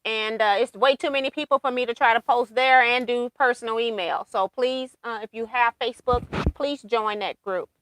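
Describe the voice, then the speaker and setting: A woman's voice: a little high, normal speed, fairly bright tone. A woman hosting a casual quilting livestream, chatting and laughing as she reads viewer comments aloud.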